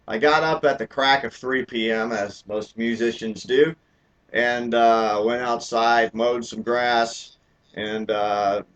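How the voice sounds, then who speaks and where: Male streamer, mid-pitched, rambling and self-deprecating, dull lo-fi audio. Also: fairly bright tone. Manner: rambling and self-deprecating, many filler words. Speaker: musician hosting his own live stream. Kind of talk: casual rambling live stream chat.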